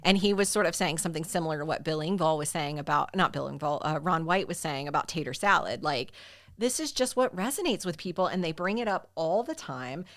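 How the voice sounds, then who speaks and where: A woman's voice: low-pitched, animated, a little fast, a bit bright, dry recording. A woman co-hosting a podcast, chatting casually and self-deprecatingly, with lots of "like" and "um". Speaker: podcast co-host.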